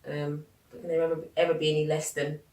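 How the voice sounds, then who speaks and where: A woman's voice: low voice, level tone, fast, a little mellow, distant mic. A young woman hosting a casual podcast chat. She is blunt and swears freely. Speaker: podcast host. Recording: echoey room, voice from off the mic.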